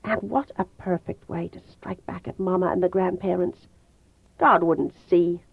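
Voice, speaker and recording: A woman narrating a novel aloud in the first person, measured and brooding. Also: on the low side, fairly even intonation, gravelly, breathy edge, no room sound. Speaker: audiobook narrator. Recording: tinny phone-like dry sound.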